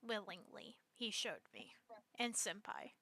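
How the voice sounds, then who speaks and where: A woman's voice: mid-range voice, big pitch swings, measured pace, pushed and bright, no room sound. A young woman hosting a stream, reading messages aloud and answering them in an aggrieved, sarcastic way. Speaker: streamer host.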